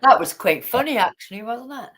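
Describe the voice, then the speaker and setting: A woman's voice: fairly high pitch, expressive, brisk, fairly bright tone. Chatty Geordie woman on a livestream. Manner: chatty, affectionate, teasing. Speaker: livestream host. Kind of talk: casual live chat.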